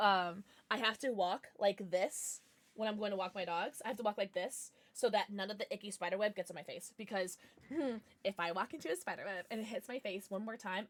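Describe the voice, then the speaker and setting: A woman streamer chatting casually on a livestream, bubbly and excitable, swearing now and then. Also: medium pitch, no room sound.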